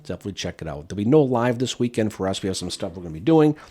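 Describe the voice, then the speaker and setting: A man's voice: lowish voice, big pitch swings, very fast, mellow, slightly rough. A man co-hosting a history podcast in casual chat, upbeat and joking as he wraps up the show. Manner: upbeat, wrapping up the show with jokes. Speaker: podcast co-host.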